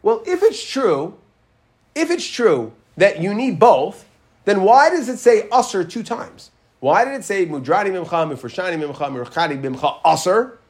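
A man's voice: high voice, big pitch swings, moderate pace. A man teaching a Talmud class, walking through the text with questions and repeating Hebrew phrases in a chanting rhythm.

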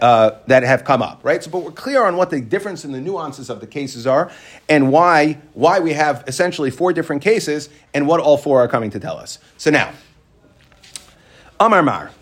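Male Talmud teacher, fairly high voice, explanatory, keeps checking "right?" with listeners. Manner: mixes English with Hebrew and Aramaic terms. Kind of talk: Talmud study lesson.

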